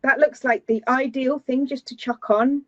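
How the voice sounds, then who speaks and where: A woman's voice: high-pitched, steady tone, no room sound. Teasing woman, lo-fi sound. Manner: enthusiastic, teasing, quick reactions. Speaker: podcast co-host. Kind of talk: casual chat about knitting patterns.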